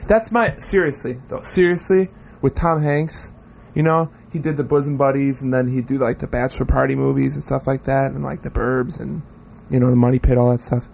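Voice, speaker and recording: A man's voice: medium pitch, steady tone, brisk, creaky, darkish tone, a little hiss or hum. A man co-hosting a casual talk show, rambling and self-mocking, with many fillers. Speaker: podcast co-host. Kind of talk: casual banter.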